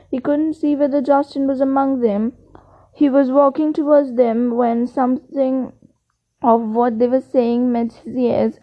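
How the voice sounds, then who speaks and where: A woman reading a novel aloud in plain, steady narration with occasional slips. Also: sits high. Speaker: reader. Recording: tinny phone-like sound.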